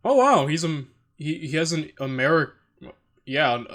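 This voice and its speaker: A man's voice: on the high side, very animated, moderate pace, fairly bright tone. A man hosting a reaction video in casual, rambling commentary, self-deprecating and often restarting his sentences.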